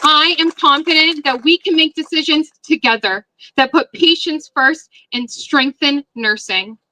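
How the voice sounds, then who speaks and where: A woman nurse giving an earnest, measured prepared speech at a rally. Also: high-pitched, sharp tone, no echo, rough recording.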